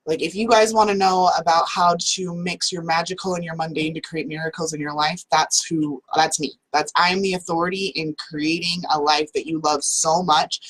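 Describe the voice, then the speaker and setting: A woman's voice: low-pitched, fairly even intonation, moderate pace, few pauses, a bit bright, low-quality recording. A woman hosting a casual talk from home, chatty and full of "like" fillers. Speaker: host.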